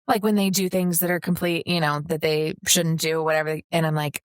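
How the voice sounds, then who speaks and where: A woman with a somewhat low voice tells a story in a rambling way, circling back on herself. The recording is dry and close, with no room sound. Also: level tone, brisk, clear, resonant tone, dry recording. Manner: rambling, many fillers and restarts. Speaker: podcast co-host. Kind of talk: casual chat.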